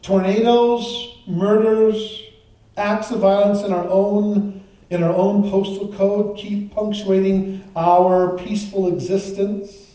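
A man's voice: sits high, level tone, slow, warm tone. A male pastor praying and then preaching a sermon in a conversational way, with frequent restarts and asides. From Canada. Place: church sanctuary. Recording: very echoey church from a distance.

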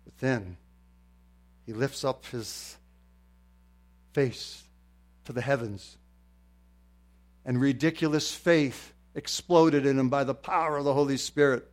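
An older man preaching a sermon, moving from quiet storytelling to loud, fervent exclamations. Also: medium pitch, takes it slowly, long pauses. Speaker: pastor.

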